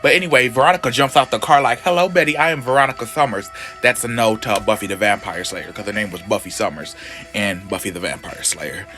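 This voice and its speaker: A man's voice: lowish voice, fairly quick, bright, forceful tone, faint music behind. Sassy, slangy man recapping comics. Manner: sassy, slangy, keeps saying honey. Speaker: comic book recap host.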